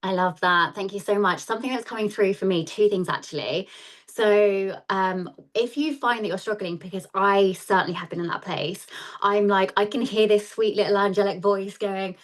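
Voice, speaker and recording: A woman's voice: medium pitch, moderate pace. A woman hosting a spiritual lesson, talking in a chatty, conversational way and often checking in with "right?". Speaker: host of a spiritual lesson series. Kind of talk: casual spoken teaching.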